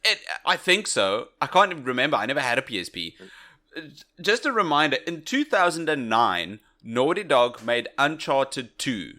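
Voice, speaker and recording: A man's voice: medium pitch, normal speed. A man co-hosting a podcast in casual, jokey chat. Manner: lively and bright, jokey. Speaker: podcast co-host.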